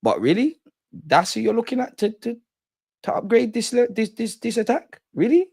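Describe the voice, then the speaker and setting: Fan-channel host, young man, animated and exasperated, high-pitched, dry. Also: normal speed, vocal fry, husky, no room sound. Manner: animated, profane, exasperated ranting. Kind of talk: ranting fan commentary.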